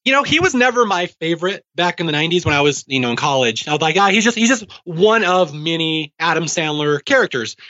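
On a podcast he co-hosts, a man in his forties chats casually and eagerly, frequently laughing. His slightly high voice sounds pushed, bright and expressive, moving at a quick pace with few pauses, captured on a dull lo-fi recording.

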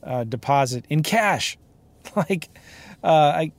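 Speaking slowly in a higher-than-average voice with no echo, a real estate investor and podcast host recounts a deal while sitting in a car. He's animated and emphatic, laughing through the casual rant.

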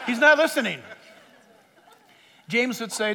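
A man preaching a sermon as pastor, impassioned, swinging from shouts to hushed asides and acting out quoted voices. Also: high voice, animated, normal speed, big-room sound.

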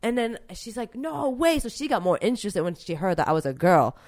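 A young woman chatting in an interview, her pitch swinging widely as she talks. She rambles with plenty of fillers and gets emotional about her work. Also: animated, fast, darkish tone. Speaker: interviewed street artist. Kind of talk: casual interview talk.

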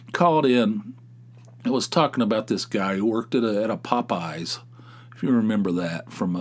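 A middle-aged man hosting a casual podcast, ranting in an animated way with his voice jumping up when he gets worked up. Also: medium pitch. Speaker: podcast host. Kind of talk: casual solo podcast monologue, responding to callers.

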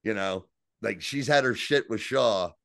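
A man co-hosting a podcast, casually and excitedly recapping scenes, swearing freely and quoting lines. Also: fairly low pitch, a little slow, creaky, dry recording, studio quality. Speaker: podcast co-host. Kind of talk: casual chat.

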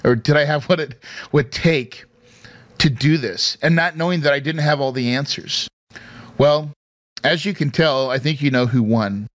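A man's voice: mid-range voice, normal speed, dry recording. A middle-aged man and real estate investor telling an emotional personal story into a mic, earnest and emphatic, with restarts. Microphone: studio mic.

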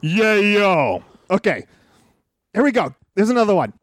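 A playful man co-hosting a podcast, bantering and reading promos in a high, lively voice that swoops up and down. The sound is dry and close, with no room around it. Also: a little fast, no room sound. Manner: playful, doing goofy impressions. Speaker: podcast co-host.

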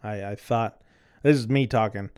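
A man's voice: fairly low pitch, moderate pace, darkish tone, clear, resonant tone. A man hosting a podcast and telling a personal story in a candid, casual way. He swears freely and repeats words as he restarts. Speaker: podcast host. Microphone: recording on two cameras.

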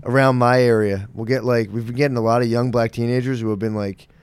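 A man with a mid-range voice tells a story at a quick clip in a casual podcast chat, and he swears as he goes. The recording is close and dry. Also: mid-range voice, steady tone, clean tone, no room sound. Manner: rapid, profane storyteller. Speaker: podcast co-host. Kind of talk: casual anecdote telling.

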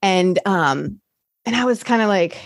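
A woman's voice: mid-range voice, lively intonation, measured pace, no echo, clean studio sound. A woman, now a recovery coach, candidly telling her recovery story in a rambling way, full of fillers and restarts.

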